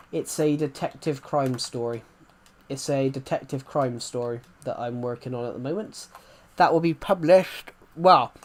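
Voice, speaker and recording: Young male streamer, twenties, slightly high voice, rambling casual chat with frequent restarts. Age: 20s. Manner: rambling, often restarts and repeats phrases. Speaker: live streamer.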